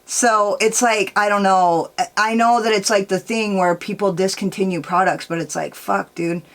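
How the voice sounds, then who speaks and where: A woman chatting casually while she blends her eyeshadow on camera. She rambles through a story in a loose, foul-mouthed way, leaning hard on "like" and "dude". Her pitch sits at an ordinary middle level. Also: fairly even intonation, moderate pace. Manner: rambling, profane, peppered with "like" and "dude". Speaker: makeup vlogger.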